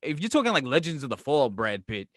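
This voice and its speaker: A man's voice: medium pitch, very animated, fast, a bit bright, dry recording, clean studio sound. A middle-aged man, co-hosting a podcast and teasing in profane, laughing banter. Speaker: podcast co-host. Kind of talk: casual chat.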